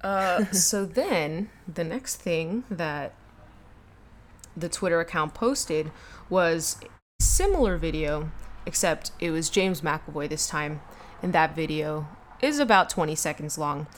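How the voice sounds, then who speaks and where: A woman's voice: deep voice, lively intonation, a little hiss or hum. A woman co-hosting a fan podcast, chatting casually, giggly and gushing. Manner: giggly, gushing, talks fast. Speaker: podcast co-host.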